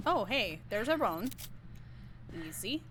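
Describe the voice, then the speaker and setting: A woman's voice: a little high, very animated, slow, a bit bright, a little hiss or hum. A young woman streaming a game, chatting casually with her viewers and shrieking and laughing at mishaps. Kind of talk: casual live-stream chat while gaming.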